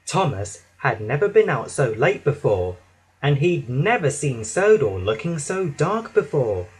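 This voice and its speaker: A man narrating a children's storybook with an expressive, dramatic reading. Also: mid-range voice, measured pace, slightly rough.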